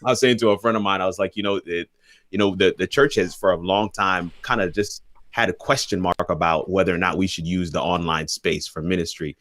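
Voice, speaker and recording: A man with a deep, steady, fairly bright voice speaks briskly, with no echo. Appearing by video call as a guest on a live-streamed panel, he shares a faith message, building a sermon-like point through repeated phrases with a jokey, self-deprecating touch.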